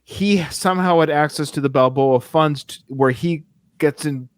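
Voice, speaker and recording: A man hosting a podcast, chatting about a film in an animated, enthusiastic way. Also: on the high side, normal speed, no room sound, clean studio sound. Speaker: podcast host. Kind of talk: casual film discussion.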